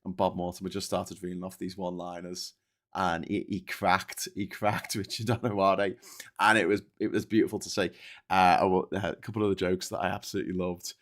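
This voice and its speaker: A man with a somewhat low voice hosts a loose, conversational news commentary. He rambles, corrects himself mid-sentence and swears freely. He often chuckles at his own jokes. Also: flat delivery, normal speed. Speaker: host of a news commentary show. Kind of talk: casual spoken news commentary.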